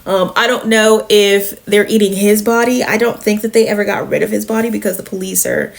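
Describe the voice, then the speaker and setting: A woman's voice: medium pitch, fairly even intonation, brisk, vocal fry. A woman hosting a comic review podcast, recapping a horror comic in a chatty, profane way, full of fillers. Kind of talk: casual comic book recap.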